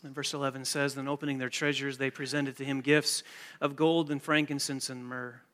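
Bright-voiced male preacher in a reverberant hall. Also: medium pitch, flat delivery, brisk. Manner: builds from hushed storytelling to loud emphatic preaching. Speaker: pastor. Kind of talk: sermon.

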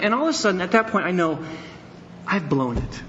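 Bright-voiced preacher man, earnest and candid. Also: high-pitched, sing-song, fairly quick, pauses often, dull audio, slight background noise. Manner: candid, storytelling, rising to emphatic outbursts. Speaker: pastor. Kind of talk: sermon. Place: church sanctuary.

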